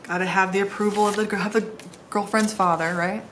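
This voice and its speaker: A middle-aged woman, a planner vlogger, talks briskly in a mid-range voice with fairly even intonation while slight background noise hums along. Sitting on the floor at home, she decorates her planner, rambling chattily and joking at her own expense.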